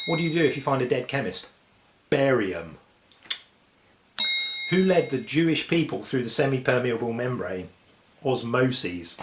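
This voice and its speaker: A man telling science jokes in a lively way, dropping punchlines deadpan. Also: medium pitch, fairly quick. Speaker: host. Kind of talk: comic joke telling. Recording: echoey room with faint noise.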